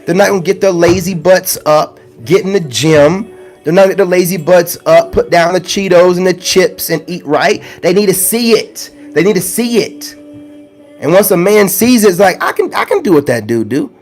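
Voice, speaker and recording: A man's voice: high voice, normal speed, a little mellow, faint music behind. A man ranting to his viewers in a blunt, preachy monologue, full of slang and with lines repeated for emphasis. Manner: slangy, conversational. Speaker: spiritual self-help vlogger.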